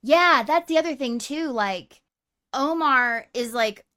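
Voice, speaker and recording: A young woman co-hosting a casual movie review chat, talking in a chatty, animated way. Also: high-pitched, slow pace, smooth. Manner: chatty, animated, laughs often. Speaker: podcast co-host.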